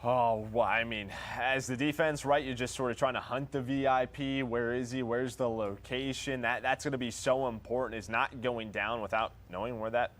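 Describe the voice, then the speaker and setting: A man's voice: medium pitch, fairly even intonation, moderate pace, few pauses, fairly bright tone. A man co-hosting a live game reveal stream, breaking down game modes in a playful, teasing way. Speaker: co-host. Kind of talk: casual live-stream commentary.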